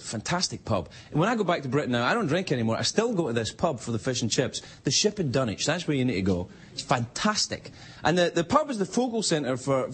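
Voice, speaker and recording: A man's voice: mid-range voice, a bit bright. A Scottish man hosting a late-night talk show, delivering a rambling, self-mocking stand-up monologue. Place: television studio with live audience. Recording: studio audience laughter and noise.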